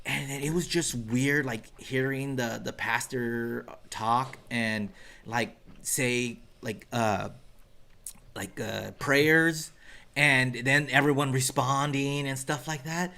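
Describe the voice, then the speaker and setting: A man's voice: medium pitch, slow, vocal fry. A man co-hosting a podcast, chatting casually and slipping into playful mock voices as he tells a story. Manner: animated, slips into mock voices when retelling. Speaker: podcast co-host. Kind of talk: casual chat.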